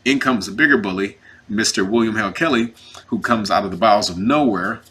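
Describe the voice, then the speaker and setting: A man who is representing himself in a custody case tells his story in a casual, animated and indignant way, acting out what others said. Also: lowish voice, brisk, breathy edge, faint music behind. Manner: emphatic, indignant.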